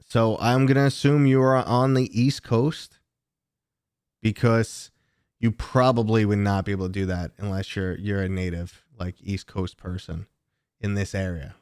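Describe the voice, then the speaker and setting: A man with a New York accent, hosting a casual livestream and chatting with viewers in a talkative, relaxed way. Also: fairly low pitch, moderate pace, smooth, dry recording, clean studio sound. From New York City. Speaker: livestream host.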